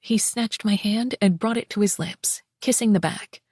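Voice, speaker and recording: A woman narrating a first-person romance audiobook in an expressive, wry way on a close mic. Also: medium pitch, moderate pace, breathy edge, dry recording.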